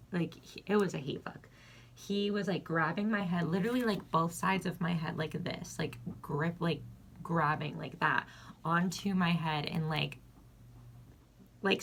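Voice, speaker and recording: A young woman with a slightly low voice tells a casual get-ready-with-me storytime. She is frank and blunt, and her talk is loose and full of "like" fillers. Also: slight background noise. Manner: chatty, filler-heavy with constant "like". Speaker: vlogger.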